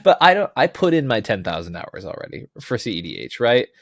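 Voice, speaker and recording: A man's voice: lowish voice, very animated, brisk, a bit bright, no echo, studio quality. A man talking as a podcast guest in casual chat, rambling, laughing often and poking fun at himself. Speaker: podcast guest, tournament player.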